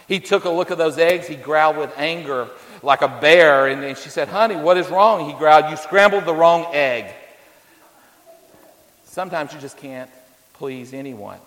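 A man's voice: on the high side, moderate pace, fairly bright tone, big-room sound, low-quality recording. A man preaching a sermon as pastor, folksy and anecdotal, with many fillers and homespun stories.

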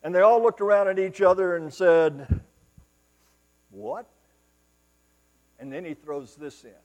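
High-voiced preacher, dramatic swings. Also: male voice, measured pace, pauses often, in a large hall, poor audio. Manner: dramatic storytelling, swings between loud exclamations and hushed asides. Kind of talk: sermon.

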